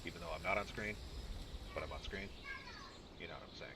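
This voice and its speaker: A man doing casual let's-play commentary, talking to himself with sudden shouts and mutters. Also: deep voice, a little fast, very noisy. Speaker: gaming YouTuber.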